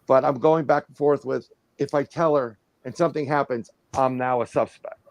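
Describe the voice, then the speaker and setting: Middle-aged male guest, gravelly tone, tells an animated, rambling anecdote. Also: mid-range voice, moderate pace, no echo. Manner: rambling, animated storytelling with restarts and acted-out quotes. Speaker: guest, paranormal researcher. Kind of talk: casual storytelling on a livestream.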